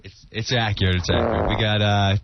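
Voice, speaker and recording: A man's voice: lowish voice, little pitch movement, brisk, creaky, a loud crowd. A man appearing as a fitness trainer guest on a radio show, giving brief, reassuring answers. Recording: muffled radio studio recording.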